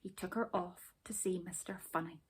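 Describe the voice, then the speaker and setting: A woman reading a children's story aloud, gentle and expressive. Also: on the low side, moderate pace, husky.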